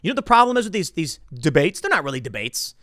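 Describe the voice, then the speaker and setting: Guy ranting about politics, high lively voice, bright and punchy, dry sound. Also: fast, no echo. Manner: animated, emphatic, repeats words. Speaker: political commentator. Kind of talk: opinionated commentary vlog.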